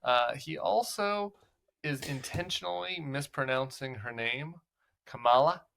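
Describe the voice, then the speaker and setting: Gravelly man commenting on politics. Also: fairly high pitch, lively intonation, measured pace, bright, forceful tone, slight background noise. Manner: chatty, with many fillers and restarts. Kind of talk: casual commentary.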